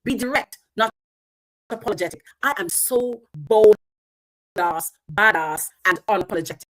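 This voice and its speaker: A woman's voice: mid-range voice, lively intonation, moderate pace, rough recording. A woman from Jamaica, giving an emphatic, punchy motivational talk on a livestream. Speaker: speaker.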